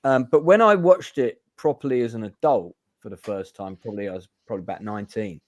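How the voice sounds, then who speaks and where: A man's voice: lowish voice, quick pace, no echo. A man hosting a casual film review chat, hesitant with many fillers. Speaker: host.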